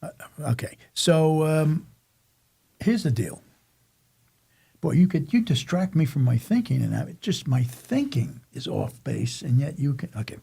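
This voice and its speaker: A man's voice: a little high, sing-song, unhurried, gravelly, warm tone, slightly rough. An older man from Staten Island, New York, telling a rambling story about his childhood in casual chat, often stopping and restarting. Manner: rambling, self-interrupting storyteller. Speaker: podcast guest telling a life story.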